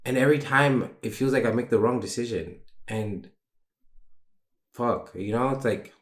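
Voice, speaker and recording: A young man hosts a solo podcast, speaking candidly and emotionally in a rambling way, with casual swearing. His voice is medium in pitch at a moderate pace, and the recording has a roomy echo.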